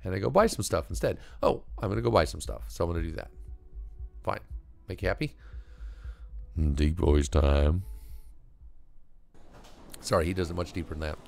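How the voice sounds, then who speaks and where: Talking fast in a low, creaky, expressive voice, a man provides casual let's-play commentary as he streams a game. He murmurs dry remarks to himself and reads the options aloud.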